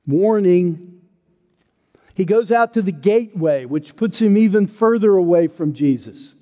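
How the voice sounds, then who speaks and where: In a sermon with a big-room sound, a pastor narrates a story earnestly and without hurry. His intonation stays lively, rising high and loud for quoted denials and falling low and soft whenever he reaches something solemn.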